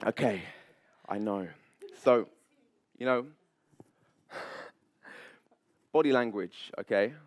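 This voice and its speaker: A man, a public speaking coach, leading a live seminar on stage with high energy, playful banter and frequent laughs. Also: extremely slow, long pauses, dry recording. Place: event stage before an audience.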